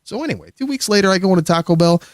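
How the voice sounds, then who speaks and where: A man's voice: high-pitched, lively intonation, racing, dry recording, clean studio sound. A man casually telling a long, rambling, profane story as a guest on a livestream. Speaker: streamer guest.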